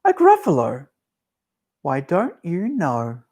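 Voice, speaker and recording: A small, clever brown mouse from a picture book, cool and confident, telling tall tales in a lilting, raised voice, as a man reads it aloud. The voice is slow and unhurried, with a gravelly edge underneath. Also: huge pitch swings, darkish tone, heavily acted. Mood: polite, cunning. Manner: sing-song storybook voice, a little higher.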